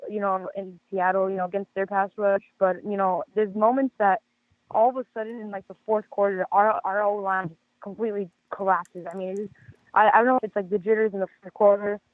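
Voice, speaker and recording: A man calling in to a sports chat show, a bit hoarse, rambling through his picks with lots of stammered restarts. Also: high voice, dry recording. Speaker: caller. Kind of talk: casual sports call-in chat. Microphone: phone. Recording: tinny phone line.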